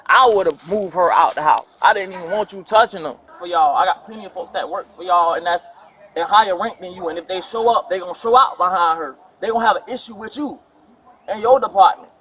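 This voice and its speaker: A man's voice: high-pitched, pushed and bright. A young man, telling police his side of a fight on bodycam, rambling and restarting often. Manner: rambling, halting, many restarts. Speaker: complainant talking to police. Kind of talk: bodycam conversation. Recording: bodycam audio with crowd noise.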